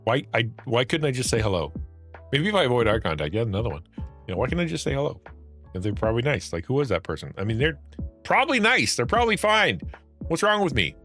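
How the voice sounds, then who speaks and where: A man's voice: mid-range voice, fast, soft background music. A middle-aged man streaming, talking casually and acting out anxious thoughts with frequent laughs. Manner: animated, acts out anxious inner thoughts, laughs often. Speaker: streamer and Christian content creator. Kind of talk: casual livestream talk.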